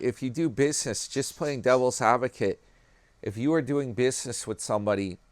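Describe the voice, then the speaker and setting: This is a male YouTube commentary vlogger with a New York accent, rambling casually from one subject to the next and addressing viewers as "guys" and "man." His pitch sits in the middle range, and the recording is dry.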